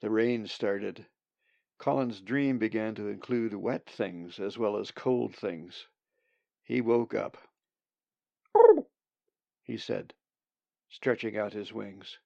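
A man narrating a story in a calm, measured way. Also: on the low side, vocal fry, no echo, muffled recording. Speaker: audiobook narrator. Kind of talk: scripted narration.

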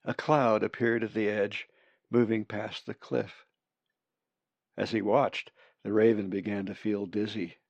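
A man reading his own book aloud as audiobook narration, measured and unhurried. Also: fairly low pitch, flat delivery, vocal fry, no echo, highs cut off.

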